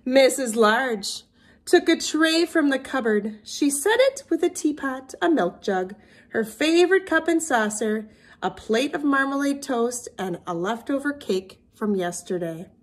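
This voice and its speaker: A woman teacher reading a picture book aloud to young children in an expressive storybook manner. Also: sits high, unhurried.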